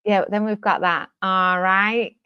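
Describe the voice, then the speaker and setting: A woman's voice: medium pitch, steady tone, measured pace, smooth, dry recording. A British woman co-hosting a casual chat, blunt and dismissive, laughing often. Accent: British English. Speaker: co-host. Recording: dull lo-fi dry sound.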